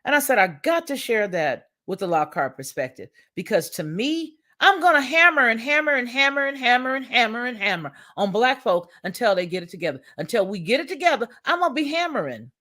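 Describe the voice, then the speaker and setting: A woman's voice: on the high side, big pitch swings, fairly quick, hardly any pauses, sharp tone. A woman hosting a livestream commentary, speaking in with an emphatic, preachy, repetitive manner. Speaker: commentary channel host.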